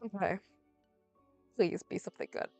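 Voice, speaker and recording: Excitable young woman swearing at a game. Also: medium pitch, normal speed, no room sound. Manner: excitable, swears freely, pleads and yells at the game. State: under the weather. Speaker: streamer. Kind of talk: casual gameplay commentary. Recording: dry close mic with faint game music.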